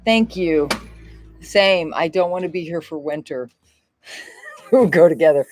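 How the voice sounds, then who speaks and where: A woman's voice: fairly low pitch, a little slow, a little mellow, faint music behind. A woman from Florida hosting a casual livestream, rambling and chatty and swearing freely. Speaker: livestream host.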